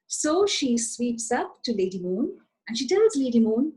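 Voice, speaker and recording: A woman author telling a children's story in an animated, expressive way, addressing her listeners directly. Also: a little high, normal speed, hardly any pauses, husky, poor audio.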